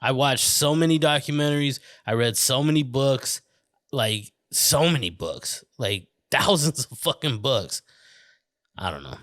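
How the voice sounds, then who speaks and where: A man hosting his own podcast, talking in a loose, rambling way that keeps drifting into tangents. He swears freely and keeps checking in with the listener. His voice sits at an ordinary pitch and sounds close and dry, with no room echo. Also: expressive, a little slow, a bit bright. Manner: rambling, off on tangents, swearing, often saying "you know what I mean". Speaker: podcast host. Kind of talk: casual podcast chat. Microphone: studio mic on camera.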